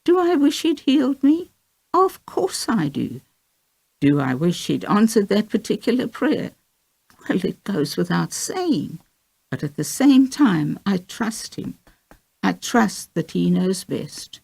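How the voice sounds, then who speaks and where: A woman's voice: medium pitch, sing-song, slow pace, creaky, darkish tone, slightly rough, heavily acted. A woman reading a young woman with cancer, heartfelt and teary, in an audiobook of a memoir. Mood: reflective.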